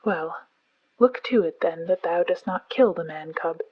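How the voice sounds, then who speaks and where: A woman's voice: on the low side, dull audio. Woman doing Bagheera, a cool, dry panther. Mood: sceptical. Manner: slow, quiet, measured, mocking. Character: proud, cool black panther, dry and sceptical.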